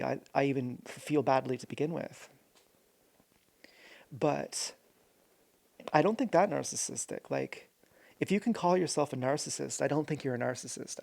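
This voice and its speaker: Gravelly guy rambling on his vlog, earnest, keeps restarting his sentences. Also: on the high side, a little mellow. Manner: rambling, self-correcting, earnest. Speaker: vlogger. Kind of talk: personal monologue to camera.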